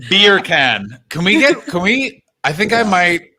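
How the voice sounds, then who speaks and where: A man co-hosting a live stream in casual chat, animated and profane, laughing often. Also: high voice, a little slow. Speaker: stream co-host.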